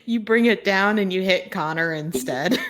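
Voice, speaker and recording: A woman narrating as game master of a tabletop game, relaxed, with lots of fillers and laughter between lines. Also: mid-range voice, normal speed.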